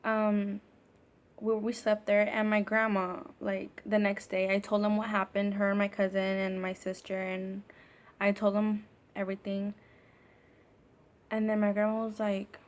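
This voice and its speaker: Woman doing a storytime vlog, super casual, says like constantly, swears a lot, medium-pitched voice. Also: monotone, a little slow. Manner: casual and profane, heavy use of filler "like". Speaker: vlogger.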